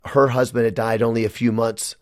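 A man's voice: medium pitch, level tone, a little fast, dry recording, clean studio sound. A man, a guest on a radio interview, telling an emotional personal story of faith in an earnest way.

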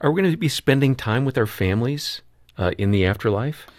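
A man co-hosting a radio show, asking questions in a measured, inquisitive way. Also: mid-range voice, expressive, dry recording, studio quality. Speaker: radio co-host. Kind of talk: radio interview conversation.

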